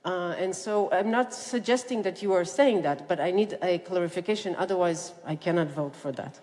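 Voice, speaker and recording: A woman with a fairly low voice raises a hesitant question in a public debate. Her words echo with a long hall reverb. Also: normal speed, a little mellow. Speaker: debate participant. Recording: echoey hall.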